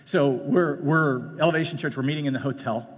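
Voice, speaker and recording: A man preaching a sermon in a conversational way, jumping from loud, emphatic lines to hushed ones and slipping in joking asides. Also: on the high side, brisk, slightly rough. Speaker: pastor. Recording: long reverb of a large hall.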